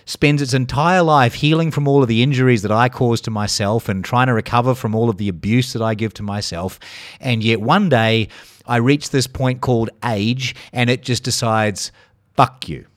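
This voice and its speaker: A man's voice: mid-range voice, normal speed, no echo, clean studio sound. A middle-aged Australian man hosting a solo podcast, ranting sarcastically with lots of swearing. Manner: sarcastic, profane, exasperated ranting. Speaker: podcast host.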